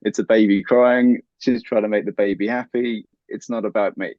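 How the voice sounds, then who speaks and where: Earnest low-voiced man, dull lo-fi sound. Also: fairly even intonation, normal speed, no room sound. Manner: earnest, advice-giving. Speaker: guest. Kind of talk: conversational interview.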